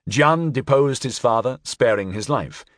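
A man narrates history in a measured storytelling voice, his pitch rising and falling with lively expression. The sound is close and dry, with no room around it. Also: no room sound. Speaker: audiobook narrator.

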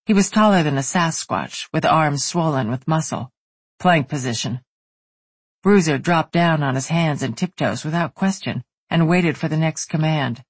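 A woman reading a romance novel aloud as the narrator, in an even, steady way. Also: deep voice, moderate pace, hardly any pauses, breathy edge, no echo. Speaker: audiobook narrator. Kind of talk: scripted narration.

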